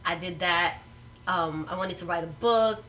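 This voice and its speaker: A woman comedian tells a story with a relaxed, wry manner and a bright, forceful tone. She is heard a little far from the mic, with some faint noise in the background. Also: fairly low pitch, measured pace. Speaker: comedian guest. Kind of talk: casual storytelling.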